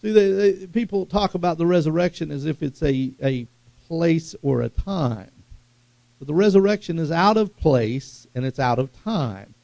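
A man preaching a sermon with fervent, animated delivery and sudden loud bursts. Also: fairly high pitch, normal speed, vocal fry, dry recording.

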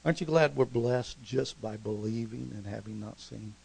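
A middle-aged man preaching a storytelling sermon, conversational and animated, and acting out scenes along the way. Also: mid-range voice, normal speed, gravelly, husky, rough recording.

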